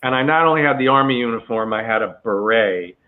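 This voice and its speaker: A man tells a long anecdote in a relaxed interview, chatty and full of asides. His voice sits at a middle pitch. The sound is narrow and tinny, like a phone line. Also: fast talker. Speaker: actor guest telling a story.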